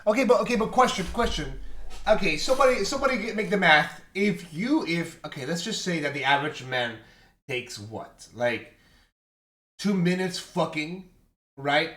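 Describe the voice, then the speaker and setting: A man streaming casual reaction commentary on short clips, excitable, swearing and laughing often. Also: sits high, moderate pace, roomy sound.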